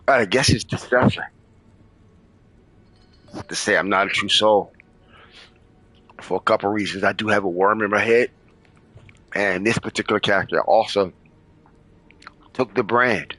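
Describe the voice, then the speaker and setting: A man's voice: lowish voice, measured pace, long pauses, bright, forceful tone, no echo, low-quality recording. A man hosting a casual gameplay video, reading dialogue choices aloud and musing to himself. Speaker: host of the show.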